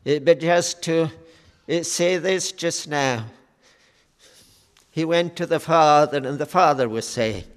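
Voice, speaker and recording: Male preacher, sermon, high voice, slow deliberate pace, long church reverb. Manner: slow, measured preaching with fillers.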